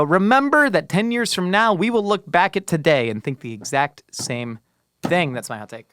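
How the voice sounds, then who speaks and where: A man in his thirties co-hosting a podcast, chatting casually and ranting his opinions in an animated, rambling way. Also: sits high, moderate pace, clean tone, no room sound, clean studio sound. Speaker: podcast co-host. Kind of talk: casual chat.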